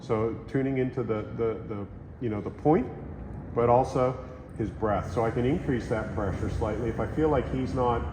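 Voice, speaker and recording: A man teaching a hands-on massage class in a relaxed, conversational way, often checking in with his students. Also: medium pitch, normal speed, noisy background. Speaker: massage instructor. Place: training room during a course. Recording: roomy echo with long reverb.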